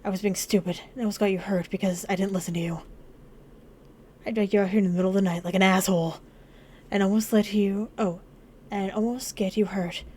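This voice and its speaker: A woman voicing a guilt-ridden young man who speaks quietly and remorsefully, pleading through tears. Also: medium pitch, fairly even intonation, brisk, slight background noise, close to an everyday voice. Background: game music.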